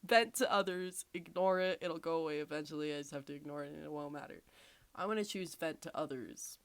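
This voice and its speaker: A woman's voice: low voice, fairly quick, no room sound. A woman hosting a casual podcast, reading quiz questions aloud with sarcastic, swear-filled asides and frequent laughter. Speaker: podcast host.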